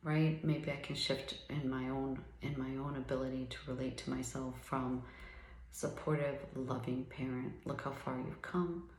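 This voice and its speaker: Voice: medium pitch, steady tone, normal speed, echoey room, rough recording. A person in their fifties giving an earnest, reflective talk about recovery, often checking in with "right?". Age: 50s. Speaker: recovery speaker.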